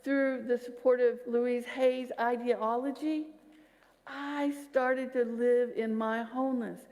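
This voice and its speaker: A woman's voice: on the high side, fairly even intonation, slow pace, big-room sound. A woman minister giving a sermon, telling personal stories and talking directly to her congregation. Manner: warm storytelling with audience asides. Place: church sanctuary.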